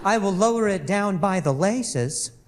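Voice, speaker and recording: A man mimicking his earnest, scatterbrained wife in a stand-up set, breathless and excited. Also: sits high, a little slow.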